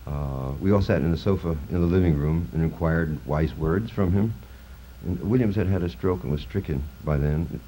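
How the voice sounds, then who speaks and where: A deep-voiced man in his fifties reads poetry to a college audience, his tone mellow and dark. He swings from a halting, filler-laden way of talking into rising, incantatory chanting. The old film transfer carries a faint hiss. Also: low-quality recording. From New Jersey. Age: 50s. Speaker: poet. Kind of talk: poetry reading with spoken introductions. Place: college lecture hall. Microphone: film recording from the stage.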